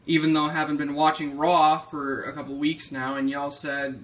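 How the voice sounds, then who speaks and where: A man hosting a casual wrestling prediction vlog, ranting in a profane, excitable way. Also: fairly high pitch, normal speed. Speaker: wrestling YouTuber host.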